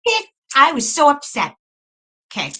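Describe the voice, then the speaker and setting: A middle-aged woman from New talks straight to her viewers in a loose, unscripted monologue. She is blunt and swears freely, stumbles and repeats herself as she goes. Her voice is bright, forceful and a little high. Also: normal speed, poor audio. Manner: blunt, profane, repeats and restarts. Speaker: spiritual video host. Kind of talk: casual storytelling monologue.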